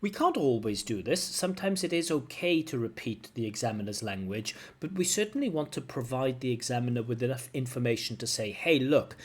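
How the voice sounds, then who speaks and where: A man's voice: medium pitch, lively intonation, fairly quick, few pauses, slightly rough. A man giving frank, corrective feedback as a language examiner. He picks apart a recorded answer line by line. He hums the rhythm of sentences to show intonation. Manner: frank, corrective, demonstrates intonation with hummed syllables.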